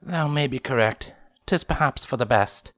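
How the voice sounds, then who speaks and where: A man's voice: medium pitch, normal speed, fairly bright tone, no echo, studio quality, close to an everyday voice. A man reading a fan story aloud, voicing an irritable pony princess of the night who speaks in a formal, archaic way. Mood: irritated. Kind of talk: fanfiction audiobook reading.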